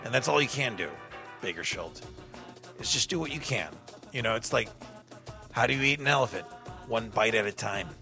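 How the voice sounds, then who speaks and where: A man's voice: medium pitch, animated, normal speed, gravelly, pauses often, over music. A man hosting a radio show, chatting casually and rambling between songs with self-deprecating asides. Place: radio studio.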